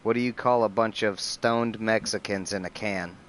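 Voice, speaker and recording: Young male host, easygoing, slightly low voice. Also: fairly even intonation, moderate pace, a bit bright, slight background noise. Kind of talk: casual chat among friends.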